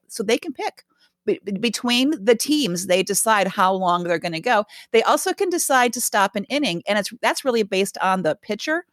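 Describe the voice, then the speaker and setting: A woman's voice: medium pitch, animated, normal speed, dry recording, studio quality. An older woman co-hosting a casual sports podcast, explaining things patiently with easy humor. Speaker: podcast co-host. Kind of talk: casual chat.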